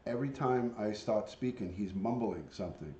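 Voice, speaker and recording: A man chatting on a livestream with a very animated, bouncing voice, breaking into high sing-song calls to coax his parrot. His voice rings in an echoey room at home. A faint hum of ambient noise sits behind it. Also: moderate pace, muffled recording. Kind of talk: casual livestream chat.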